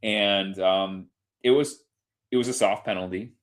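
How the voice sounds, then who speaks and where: Deep-voiced man ranting about football. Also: fairly even intonation, measured pace. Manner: heated ranting, swears freely, acts out others in quoted bits. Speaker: podcast co-host. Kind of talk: casual sports chat.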